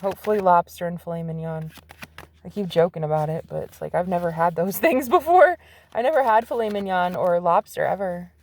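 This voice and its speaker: A woman giving a casual tarot reading to her viewers, excitable and swearing freely, swinging from hushed asides to loud exclamations. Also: fairly low pitch, fairly quick. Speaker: psychic medium and tarot reader.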